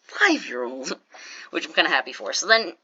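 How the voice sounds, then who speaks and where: Casual storytime narrator, bright tone, jokey asides to viewers, slightly muffled lo-fi recording. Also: medium pitch, big pitch swings, quick pace, breathy edge. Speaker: storytime YouTuber. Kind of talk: casual storytime over gameplay.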